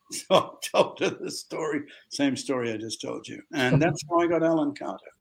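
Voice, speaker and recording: Lively older Australian man telling a story. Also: fairly high pitch, normal speed, gravelly. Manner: lively storyteller who acts out other people's voices. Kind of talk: convention anecdote. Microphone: video call.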